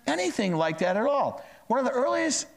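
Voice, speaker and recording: A middle-aged male pastor delivering a sermon in a conversational storytelling way, dropping to hushed asides and rising on emphatic phrases. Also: very high-pitched, very animated, a little fast, gravelly.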